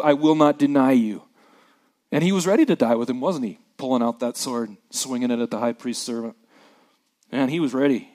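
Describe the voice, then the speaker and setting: A man preaching a sermon as a pastor, reading scripture with lively acted-out voices and dropping quiet for the somber parts. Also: a little high. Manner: animated preacher who acts out scripture voices, dropping soft for somber moments.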